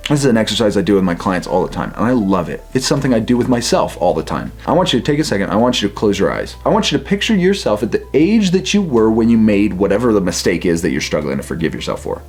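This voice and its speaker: A man, a life coach, giving a self-help talk and gently guiding the listener through an exercise. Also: lowish voice, very animated, quick pace, few pauses, faint music behind. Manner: gentle, earnest, speaks directly to the listener.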